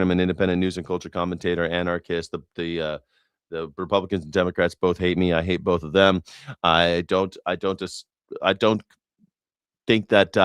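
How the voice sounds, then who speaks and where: In a casual news reaction talk, an American independent news and culture commentator rambles sarcastically, swearing and often starting over. He has a low voice with a clean tone. The recording is dry, with clean studio sound.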